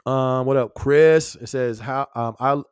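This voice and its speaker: Male podcast host, casual and slangy, mid-pitched voice, dry close recording. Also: fairly even intonation, unhurried, clear, resonant tone, no room sound. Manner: laid-back, chuckles often, slangy. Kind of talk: casual live-stream chat.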